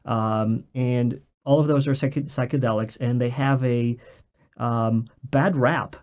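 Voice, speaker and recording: A man hosting a podcast, framing questions with many pauses and fillers. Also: medium pitch, steady tone, no echo, lo-fi sound. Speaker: podcast host. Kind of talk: interview questions and chat.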